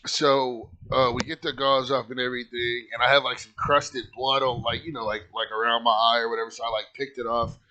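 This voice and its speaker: A man's voice: medium pitch, level tone, brisk, hardly any pauses, sharp tone, highs cut off. A man casually telling a personal story in a rambling, conversational way, full of "like" and "you know", earnest and heartfelt. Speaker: channel host telling his own story.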